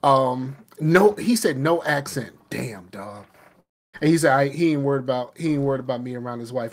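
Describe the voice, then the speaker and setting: A man's voice: medium pitch, lively intonation, brisk. A man hosting a podcast in loose, rambling casual chat, laughing often as he talks. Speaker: podcast host.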